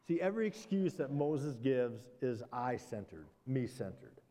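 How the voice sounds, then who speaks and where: A man's voice: mid-range voice, lively intonation, moderate pace, hardly any pauses, dark tone, big-room sound. A man, a pastor, preaching a conversational sermon, animatedly acting out the exchanges of a story and adding self-deprecating asides.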